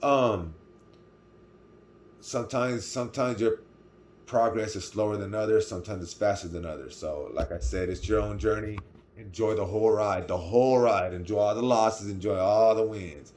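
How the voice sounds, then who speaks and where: Rambling Californian man, low voice. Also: normal speed, darkish tone, slight background noise. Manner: rambling, full of restarts and "right?" asides. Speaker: vlogger. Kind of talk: casual storytelling to camera.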